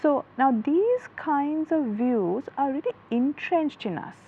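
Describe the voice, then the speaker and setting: A woman's voice: sits high, expressive, slow pace, narrow, tinny audio, a little hiss or hum. A woman, a psychology guest on a talk show, explaining earnestly through a story. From Sri Lanka. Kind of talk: studio talk show interview.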